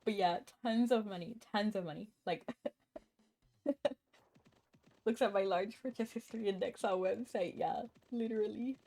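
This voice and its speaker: A chatty woman streams a game and talks casually with her viewers, laughing often and stopping now and then to cough. Her voice sits at an ordinary middle pitch. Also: normal speed, vocal fry, long pauses, mellow. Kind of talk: casual live-stream chat.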